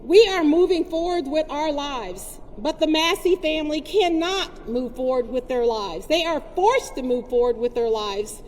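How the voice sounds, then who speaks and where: Woman rally speaker, high voice, impassioned storytelling address, long reverb and faint ambient hum. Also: animated, unhurried, hardly any pauses, a little mellow. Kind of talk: protest speech.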